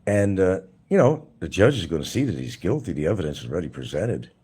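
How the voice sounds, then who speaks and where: A man's voice: sits low, big pitch swings, fast, mellow, husky. A man hosting a live stream, talking casually in a blunt, mocking way to his viewers. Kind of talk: casual livestream monologue.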